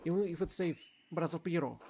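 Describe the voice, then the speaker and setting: A man's voice: a little high, quick pace, gravelly, a little hiss or hum. Man thinking aloud over a game. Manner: thinking aloud, shouting calls to game characters. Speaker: streamer. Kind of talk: game let's-play commentary.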